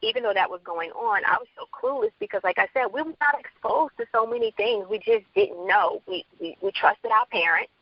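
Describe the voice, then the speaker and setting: A woman's voice: a little high, sing-song, a little fast, few pauses, no echo, dull audio. A woman from the Bronx, an author guest, telling her story candidly in an interview and acting out quoted dialogue. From Bronx, New York.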